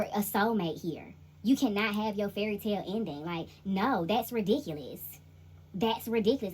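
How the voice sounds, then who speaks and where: A young woman giving a casual spiritual tarot reading, animated and slangy, laughing often. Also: mid-range voice, husky. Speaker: intuitive tarot reader.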